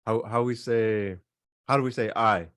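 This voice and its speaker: A man's voice: on the low side, steady tone, normal speed, fairly bright tone, clear, resonant tone, no room sound, clean studio sound. A man teaching a beginners' language class, explaining casually with lots of fillers and repeated examples. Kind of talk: online class lesson.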